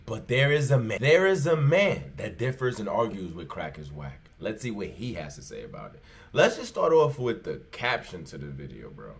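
A man's voice: medium pitch, sing-song, fairly quick, vocal fry. A man hosting a reaction video, joking in slang, laughing often and imitating people. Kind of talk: casual reaction commentary.

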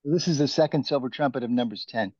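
A man's voice: mid-range voice, fast, a little mellow, dry recording. Man with eager, slightly muffled call audio. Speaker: student. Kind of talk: class discussion.

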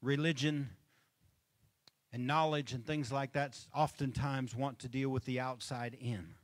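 A man's voice: medium pitch, steady tone, unhurried, no room sound. A male pastor preaching a conversational sermon from a church stage, checking in with the congregation for amens and chuckling between points. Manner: conversational, asks the crowd for amens.

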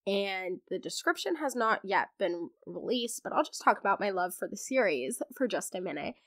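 A young woman hosting a podcast, chatting excitedly about books in a casual, gushing way, her voice hoarse from laryngitis. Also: mid-range voice, moderate pace, no echo, clean studio sound. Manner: gushing, animated, acts out characters in quotes. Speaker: podcast host. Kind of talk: casual book chat.

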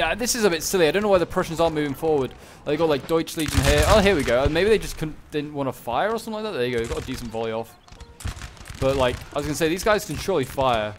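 A man's voice: fairly high pitch, slight background noise. A man giving casual, rambling commentary over a strategy game battle, with lots of fillers and restarts. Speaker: gameplay commentator.

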